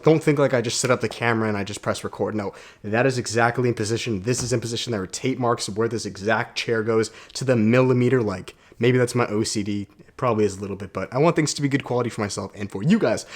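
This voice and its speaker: A young man, a self-development vlogger, talking casually to camera in a quiet condo room, telling a story with energy and slang. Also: medium pitch, fast talker, few pauses.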